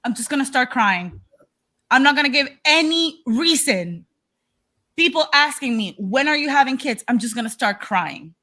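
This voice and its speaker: A woman from Panama, co-hosting a podcast, telling stories in a blunt, animated way and swearing freely. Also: sits high, moderate pace. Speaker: podcast co-host. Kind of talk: casual chat. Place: indoor podcast studio.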